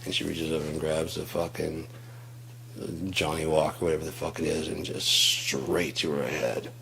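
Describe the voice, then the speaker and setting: Deep-voiced man ranting profanely. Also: flat delivery, normal speed, creaky, pushed and bright, slight background noise. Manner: profane, rambling, storytelling with acted quotes. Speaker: host. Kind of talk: casual monologue rant.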